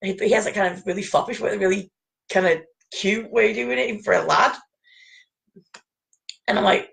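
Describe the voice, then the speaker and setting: A woman's voice: mid-range voice, moderate pace, gravelly, pauses often, a bit bright, low-quality recording. A woman telling rambling anecdotes in casual chat, laughing often.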